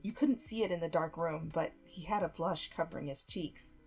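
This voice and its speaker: A woman reading fan fiction aloud in soft, even second-person narration. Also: low voice, normal speed, slightly rough, faint music behind.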